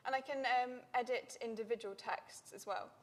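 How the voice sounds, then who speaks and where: A woman giving a conference presentation and walking the audience through a live software demo. She speaks conversationally, with frequent fillers and some self-deprecating asides. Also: a little high, fairly even intonation, moderate pace. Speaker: academic presenter. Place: lecture room.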